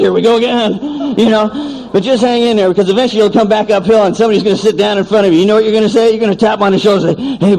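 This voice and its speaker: A man shares his story at a recovery meeting, talking quickly in a somewhat high voice. He tells it with animation, acting out bits of dialogue. The sound is an old cassette tape recording. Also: a little mellow, low-quality recording. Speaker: AA speaker.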